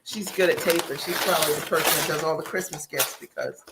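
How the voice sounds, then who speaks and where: A woman's voice: sits low, fairly even intonation, quick pace, very noisy. Middle-aged woman coach, chatty and gushing, talking straight to camera from her home office. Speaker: business coach. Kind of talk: live unboxing video.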